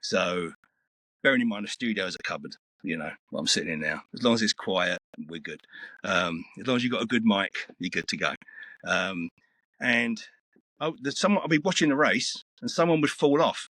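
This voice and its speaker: Voice-over actor, sixties, male, deep, rambling anecdotes, dry small-booth sound. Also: normal speed, no room sound. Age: 60s. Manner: relaxed, rambling storyteller with many fillers. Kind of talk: casual interview chat. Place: small home recording booth. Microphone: headset.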